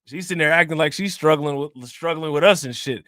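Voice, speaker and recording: A man chats on a livestream, slangy and joking, laughing often. His voice sits a bit high. The sound is dry and close, with no room around it. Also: fairly quick, sharp tone, no echo. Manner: joking, laughing, slangy, repeats "you know what I'm saying". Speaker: crypto livestream host. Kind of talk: casual livestream chat.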